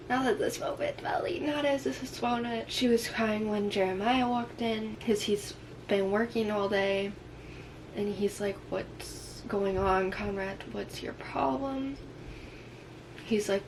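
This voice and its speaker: A woman casually recapping a novel chapter by chapter, acting out the characters' lines with "he's like" and "she's like.". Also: mid-range voice. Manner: retells scenes in quotes, "she's like". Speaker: book reviewer. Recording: noisy background hiss.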